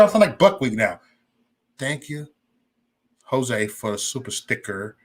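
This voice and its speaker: A man's voice: fairly low pitch, sing-song, moderate pace, husky. A man hosting a casual livestream, talking straight to his chat in a loose, rambling and profane way. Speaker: livestream host.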